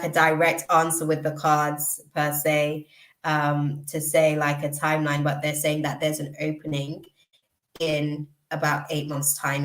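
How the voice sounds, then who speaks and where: A woman giving a live intuitive tarot reading, speaking reflectively and pausing often with ums and restarts. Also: deep voice, fairly bright tone, roomy sound, low-quality recording. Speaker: tarot reader.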